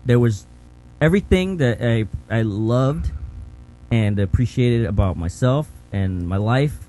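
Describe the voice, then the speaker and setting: A man's voice: mid-range voice, expressive, unhurried, warm tone, low-quality recording. A young man from Mexico City, a guest telling his story in a loose, casual way, with lots of fillers and restarts. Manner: rambling, many fillers and restarts. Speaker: guest, pro skater. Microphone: video call.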